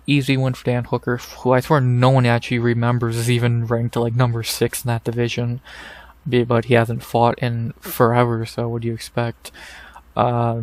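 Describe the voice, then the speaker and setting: A man's voice: medium pitch, a little mellow. A man hosting a casual fight recap, blunt and profane, ranting in exasperation into a desk microphone. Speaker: MMA podcast host.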